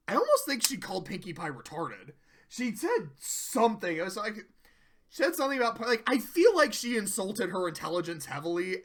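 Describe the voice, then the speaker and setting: A bright, forceful voice runs through a loose, swearing commentary on cartoon episodes. The reviewer talks casually and slips into quick impressions when quoting scenes. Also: medium pitch. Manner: profane, chatty, acts out quoted lines.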